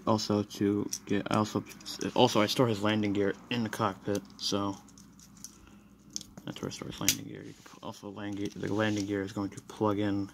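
Gravelly, flat-voiced man reviewing toys. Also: fairly low pitch, moderate pace. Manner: rambling, apologetic, frustrated. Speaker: toy reviewer. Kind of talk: casual toy review walkthrough. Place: room in a house. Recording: noisy home recording.

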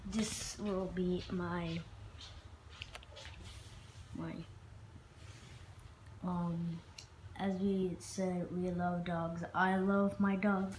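Woman rambling on a vlog, slow, ums everywhere, noisy background. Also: on the low side, little pitch movement. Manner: halting, many fillers and restarts. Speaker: vlogger.

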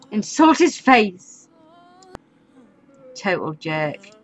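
A woman's voice: medium pitch, big pitch swings, extremely slow, long pauses, lo-fi sound. A woman giving casual, chatty commentary over a life-sim game, often exasperated and laughing. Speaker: gaming YouTuber. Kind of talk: casual let's-play commentary.

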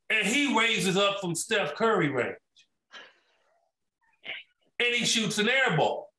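High, lively man in an echoey room. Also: slow, pauses often, distant mic. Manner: acts out the lines of others in his story. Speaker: former player telling a story. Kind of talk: animated storytelling.

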